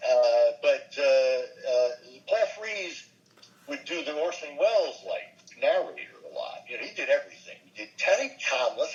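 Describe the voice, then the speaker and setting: An older man, a voice actor, chatting in an interview and telling animated stories, now and then dropping into quick impressions. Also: mid-range voice, lo-fi sound, faint music behind. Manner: animated storyteller, slips briefly into impressions. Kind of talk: casual interview chat.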